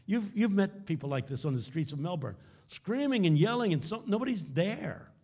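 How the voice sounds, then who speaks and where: A man preaches a keynote at a conference in a husky, slightly breathy voice. His pitch swings widely as he tells stories dramatically, often sinking to hushed lows for emphasis. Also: expressive, normal speed. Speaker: keynote speaker. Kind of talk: conference sermon. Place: conference hall.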